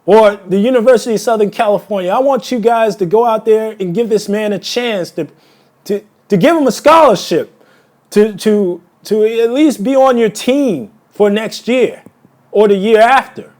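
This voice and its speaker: A man with a fairly high voice, venting angrily and emotionally to his camera. He hammers insults again and again, stumbling and restarting his sentences as the feeling runs over. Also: moderate pace, darkish tone. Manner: angry, insulting, repeats words. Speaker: vlogger. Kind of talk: heated solo video rant.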